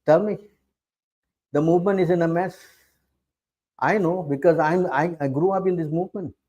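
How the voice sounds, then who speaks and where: A man's voice: on the high side, normal speed, darkish tone, dull audio. A middle-aged man giving a scripture class as a preacher, challenging his listeners and often asking rhetorical questions. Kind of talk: sermon.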